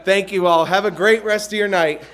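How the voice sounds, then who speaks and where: Man in his twenties, stand-up comic, goofy and joking, slightly high voice. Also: fairly even intonation, fairly quick, fairly bright tone. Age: 20s. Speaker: comedian. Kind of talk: stand-up set closing.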